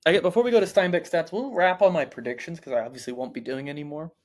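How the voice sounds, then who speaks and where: A man co-hosting a book podcast, in casual chat, self-mocking and quick to laugh, with plenty of ums. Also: a little high, darkish tone. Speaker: podcast co-host.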